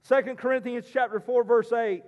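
A man preaching a sermon as pastor, telling folksy stories and pausing on "uh" fillers. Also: very high-pitched, steady tone, lo-fi sound. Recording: long hall reverb.

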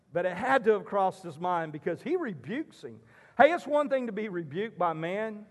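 A man preaching a sermon as pastor, telling folksy stories and pausing on "uh" fillers. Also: high voice, very animated. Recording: long hall reverb.

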